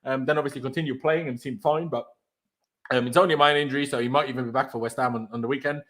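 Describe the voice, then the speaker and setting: A man's voice: mid-range voice, steady tone, very fast, fairly bright tone. A man hosting a football fan show, ranting in exasperation, stumbling over his words and swearing. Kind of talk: angry post-match reaction rant.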